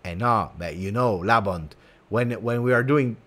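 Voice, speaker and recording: A man's voice: lowish voice, moderate pace, a bit bright. A man hosting a casual livestream chat, teasing and repeating words for effect. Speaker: host of a football fan channel.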